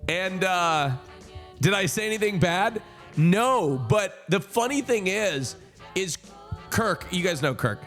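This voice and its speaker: A man streaming, telling a personal story to his chat in a casual, animated way, swearing and swinging between high indignant protests and low earnest tones.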